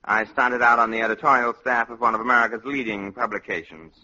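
A man voicing a smug, blunt scandal researcher with a husky voice, in a 1950s radio comedy style. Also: mid-range voice, fairly even intonation, quick pace, pushed and bright. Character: sleazy middle-aged male scandal researcher, smug and blunt. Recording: dull lo-fi old radio recording.

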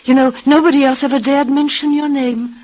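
Actress doing a frail, tremulous dying heroine, breathless and halting, tender to the end, dull vintage radio sound. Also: female voice, high voice, fairly even intonation, a little mellow, natural voice. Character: dying young woman, tender and devoted. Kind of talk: vintage radio drama acting. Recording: dull old radio recording.

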